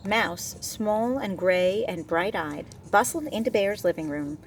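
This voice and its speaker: A woman's voice: medium pitch, unhurried. Woman reading a picture book aloud, distant. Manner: gentle, expressive, chatting with the child. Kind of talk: storybook read-aloud with asides. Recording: distant mic, faint room noise.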